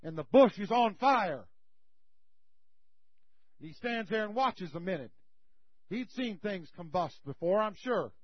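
A man preaching, retelling a Bible story in a folksy, animated way. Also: sits high, unhurried, pauses often, no echo. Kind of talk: sermon storytelling. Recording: slightly muffled recording.

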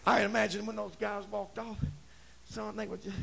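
A man preaching a Pentecostal revival sermon, shouting in rising bursts. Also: high-pitched, little pitch movement, normal speed, gravelly, noisy background. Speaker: pastor.

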